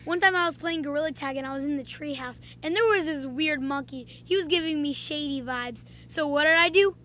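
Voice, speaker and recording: A woman talking casually in a vlog, telling playful stories with frequent pauses and "um"s. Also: sits high, sharp tone, a little hiss or hum. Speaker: video creator.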